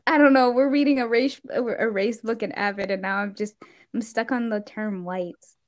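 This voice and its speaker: A lively teenage girl chatting casually, full of exclamations and quick asides. Her voice sits on the high side. The recording sounds muffled and lo-fi. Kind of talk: casual chat. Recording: dull lo-fi sound.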